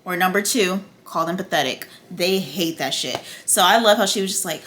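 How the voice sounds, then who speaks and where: A woman talks through a TV episode recap in a loose, unscripted way, cursing freely and piling on fillers as she gets worked up. Her voice is bright and forceful. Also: lowish voice, moderate pace. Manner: profane, excitable ranting with frequent fillers. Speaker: TV recap vlogger. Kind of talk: casual TV recap and review.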